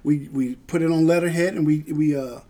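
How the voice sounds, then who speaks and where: A man, a veteran guest telling stories in a casual interview, animated and acting out the people he quotes. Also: fairly high pitch, a little fast. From Georgia, US. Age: 50s. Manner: animated storyteller who acts out quoted voices.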